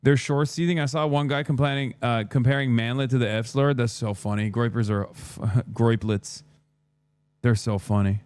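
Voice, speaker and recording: A man's voice: medium pitch, steady tone, normal speed, darkish tone, smooth. A man hosting a livestream reaction, commenting in a sarcastic, mocking manner into a close microphone. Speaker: streamer host.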